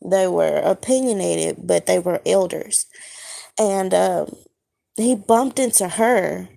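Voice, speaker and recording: Woman, just awake, slow halting delivery with fillers; gravelly vocal fry, dream-retelling vlog. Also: on the low side, dark tone. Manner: halting, searching for words, many fillers. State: just woken up. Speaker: spiritual vlogger. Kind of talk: casual monologue recounting a dream.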